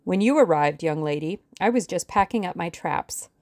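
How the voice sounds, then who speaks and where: A woman voicing a shrewd older male lawyer who speaks in a calm, dry, authoritative way. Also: lowish voice, moderate pace, dry recording. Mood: measured.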